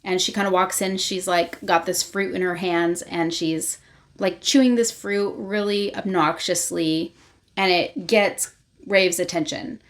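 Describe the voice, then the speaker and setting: A woman's voice: fairly low pitch, steady tone, measured pace. A woman in a casual book vlog, recapping a fantasy novel in a chatty way with lots of filler words. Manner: chatty, with lots of "like" and "you know". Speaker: book vlogger.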